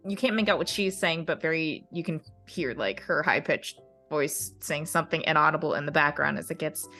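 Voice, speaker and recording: A woman narrating a tabletop game as game master in a measured way. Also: low-pitched, sharp tone, soft background music. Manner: slow, measured narration with fillers.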